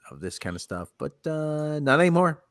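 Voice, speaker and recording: A man's voice: fairly high pitch, big pitch swings, normal speed. A man hosting a casual chat show, sarcastic and exasperated, sighing often. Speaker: podcast host. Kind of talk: casual chat about movie news.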